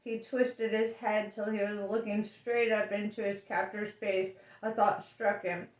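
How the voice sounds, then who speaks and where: A woman reading a story aloud at an unhurried pace, chatty and relaxed between passages. Her voice carries a roomy echo. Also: mid-range voice. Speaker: audiobook reader. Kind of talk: casual audiobook reading.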